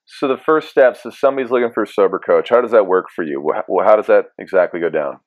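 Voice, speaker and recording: A male interview host asking relaxed questions and offering short agreeing replies. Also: on the low side, fast talker, dry recording. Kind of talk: casual interview. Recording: dry, thin phone-like sound.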